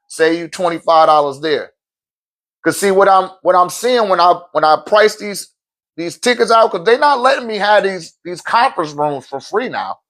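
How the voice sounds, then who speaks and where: A man with a notably high-pitched speaking voice gives a loose, emphatic motivational talk as a spiritual teacher. He curses freely, laughs between points and stumbles over repeated words as he restarts his sentences. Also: fairly bright tone. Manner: profane, emphatic, laughs often. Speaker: spiritual teacher and event host.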